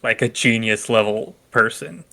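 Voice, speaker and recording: A man's voice: medium pitch, moderate pace, creaky, sharp tone. A young man co-hosting a casual movie podcast, easygoing and agreeable, with plenty of fillers. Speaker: podcast co-host.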